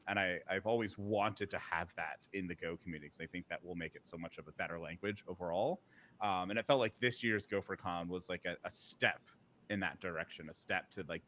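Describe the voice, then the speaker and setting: A man with a fairly low voice co-hosts a live podcast panel recorded at a conference. He tells a long, rambling story in an easy chat, full of fillers and restarts. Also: sharp tone, slight background noise. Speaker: podcast co-host.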